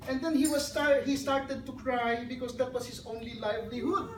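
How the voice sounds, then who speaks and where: A woman's voice: sits high, normal speed. Woman speaker in an echoey hall. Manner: earnest, storytelling, addresses audience directly. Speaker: speaker at a child dedication. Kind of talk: sermon-like talk with a joke story. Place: hotel function hall. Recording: echoey hall, distant mic, background noise.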